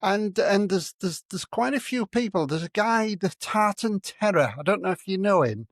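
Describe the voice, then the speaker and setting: A man's voice: high voice, animated, normal speed, no echo, clean studio sound. A male host from the UK running a casual interview, often stumbling and repeating his words as he speaks. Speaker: show host.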